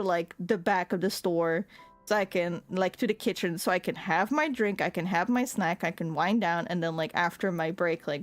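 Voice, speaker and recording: A young woman telling a story in casual chat, laughing often and filling her talk with "like.". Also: mid-range voice. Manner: animated, laughs often, lots of "like" fillers; swears when annoyed. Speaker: streamer.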